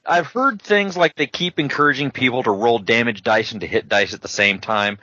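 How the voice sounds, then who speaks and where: A man co-hosting a gaming podcast, giving emphatic rapid-fire advice in casual chat. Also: medium pitch, sharp tone, no room sound. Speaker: podcast co-host. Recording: muffled lo-fi dry sound.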